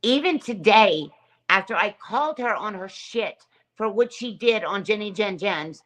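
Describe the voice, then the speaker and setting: A woman's voice: medium pitch, measured pace, a bit bright. A woman hosting her own livestream, telling a long aggrieved story and greeting chat viewers by name. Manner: aggrieved, repetitive, reads chat names aloud. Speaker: livestream host. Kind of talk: casual livestream rant.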